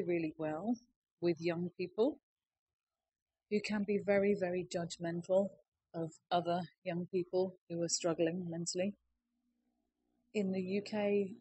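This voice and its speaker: Brief: woman, somewhat low voice, conference speaker, plain persuasive delivery, faint hiss. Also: dark tone, low-quality recording. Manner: plain, persuasive, explaining with figures. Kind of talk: conference presentation.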